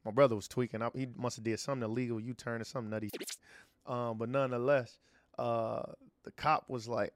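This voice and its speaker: A man's voice: mid-range voice, steady tone, fast talker, slight background noise. A man from Chicago telling a story in a laid-back, slangy way, full of casual fillers. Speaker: podcast co-host.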